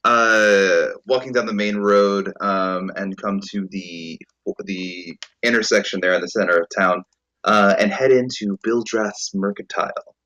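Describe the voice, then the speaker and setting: A man narrating a tabletop role-playing game as game master, relaxed and full of ums. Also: fairly low pitch, a little slow. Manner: relaxed, lots of ums and uhs.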